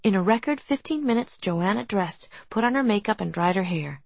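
A woman reading a novel aloud as audiobook narration, in a soft, gentle manner. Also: mid-range voice, lively intonation, brisk, creaky, no room sound. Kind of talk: scripted narration.

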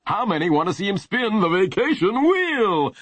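Man doing a pushy, bouncy game-show host, husky edge, raised pitch. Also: very animated, normal speed, fairly bright tone, no room sound, exaggerated voice. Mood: showy. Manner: showy, salesman-like pitch. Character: upbeat smooth-talking male TV game-show host.

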